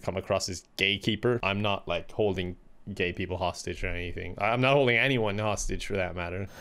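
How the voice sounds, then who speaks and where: A man's voice: sits low, fairly quick, fairly bright tone, a little hiss or hum. A young Irish man hosting a reaction video, wry and self-mocking, laughing often. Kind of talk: casual comic commentary.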